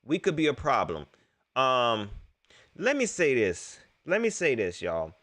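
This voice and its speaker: A man's voice: medium pitch, unhurried. Chatty man hosting a live sports stream. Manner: animated, laughs often, talks straight to the chat. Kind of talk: casual post-game commentary to live chat.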